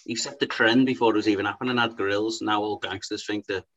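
A man's voice: on the low side, fairly even intonation, fast, a bit bright. A man co-hosting a casual chat, talking loosely with some swearing. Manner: laid-back, sweary. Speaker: podcast co-host. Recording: muffled with faint noise.

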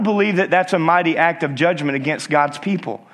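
Energetic male preacher, rising and falling, constantly calls on the congregation. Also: on the high side, a little fast, few pauses. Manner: call-and-response exhortation; lively, swinging between emphatic and hushed. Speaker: pastor. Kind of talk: sermon.

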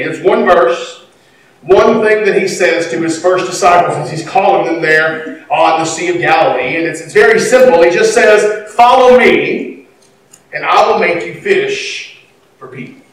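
A middle-aged pastor, preaching a sermon in a folksy, conversational way. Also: male voice, on the high side, slight background noise. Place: church sanctuary. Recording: echoey church from a distant mic.

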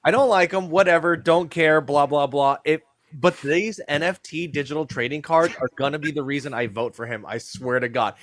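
A man chatting on a podcast, excitable and laughing as he talks. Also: a little high, moderate pace, no echo. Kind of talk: casual chat.

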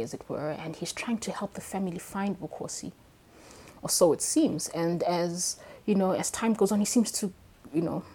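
A woman novelist talking through a book in an interview, thoughtful with frequent fillers and lively bursts. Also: on the low side, slightly rough. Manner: thoughtful, animated when excited, frequent fillers. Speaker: novelist guest. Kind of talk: conversational interview with a read-aloud passage.

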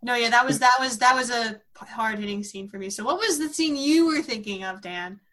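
Podcast co-host, woman, chatty and emotional, bright tone. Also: on the high side, a little fast. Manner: chatty, emotional, laughs often. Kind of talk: casual podcast chat.

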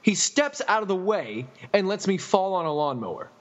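A man's voice: high-pitched, moderate pace. A man casually retelling a story, swearing and laughing as he acts out the people in it. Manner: laughing, profane, animated retelling. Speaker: podcast storyteller. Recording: dull recording with long reverb.

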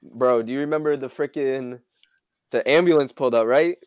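A man's voice: medium pitch, moderate pace, darkish tone, clean tone, no echo, studio quality. A young man hosting a casual podcast chat, telling a laid-back, slang-filled story. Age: young adult. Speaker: podcast host.

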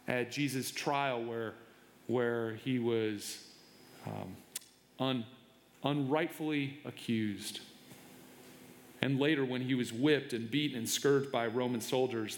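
A middle-aged male pastor preaching a sermon, often repeating words as he restarts, and growing animated when he tells stories. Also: mid-range voice. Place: church sanctuary. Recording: echoey hall reverb. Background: long hall reverb.

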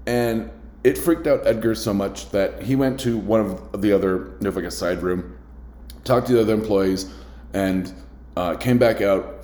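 A man with a fairly low voice tells a story casually, stumbling through restarts and leaning on filler words. His voice bounces around a bare, echoey room. The delivery is loose, rambling storytelling. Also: moderate pace, warm tone. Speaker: restaurant server.

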